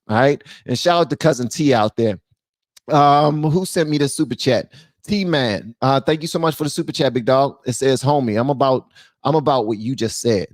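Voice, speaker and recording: A man hosting his own channel, giving blunt, animated commentary and talking straight to his viewers. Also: medium pitch, no room sound, studio quality. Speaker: channel host. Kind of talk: casual political commentary.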